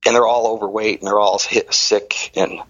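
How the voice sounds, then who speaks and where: Middle-aged guy from the detroit area telling his story, animated and punchy, dry close sound, kinda muffled. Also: on the low side, moderate pace, no echo. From Detroit area, Michigan. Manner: animated, energetic storyteller who acts out dialogue. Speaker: interview guest. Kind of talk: candid storytelling in an interview. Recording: dry, slightly muffled audio.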